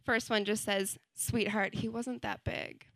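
A young woman performing a stand-up comedy set on a club stage, chatty and wry, with deadpan punchlines and plenty of "like". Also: medium pitch, measured pace, creaky, noisy background.

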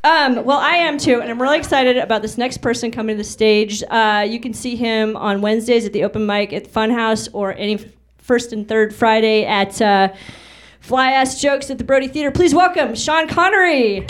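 A woman's voice: fairly high pitch, steady tone, moderate pace, slight background noise. A woman hosting a comedy night, introducing acts in an upbeat way with many ums. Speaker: comedy show host. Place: comedy club stage.

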